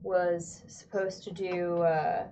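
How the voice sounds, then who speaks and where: A woman chatting casually at a board game table, talkative and quick to laugh. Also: lowish voice, flat delivery, dark tone, far from the mic, slight background noise. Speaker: board game show regular. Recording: dull lo-fi stream audio.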